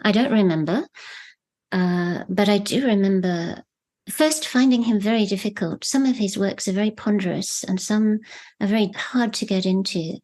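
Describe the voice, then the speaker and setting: A woman novelist talking reflectively in an interview, measured and searching for words. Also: mid-range voice, darkish tone. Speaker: novelist guest.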